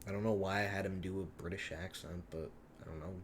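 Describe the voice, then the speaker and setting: A man's voice: low voice, fairly even intonation, fast, slight background noise. A man giving a rambling, self-deprecating director's commentary on his own fan series, often unsure of himself.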